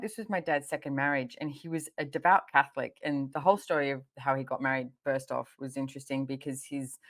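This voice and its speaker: Low-voiced woman podcast host. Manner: animated storytelling, frequent laughter. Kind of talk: casual conversational interview.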